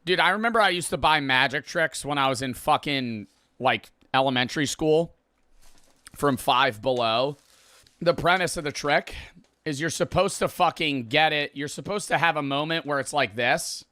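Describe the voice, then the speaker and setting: Reeling from spicy food on his livestream, a young man chats casually in a slightly high, sharp voice at a moderate pace, rambling, exasperated, and heavily profane. The recording is dry.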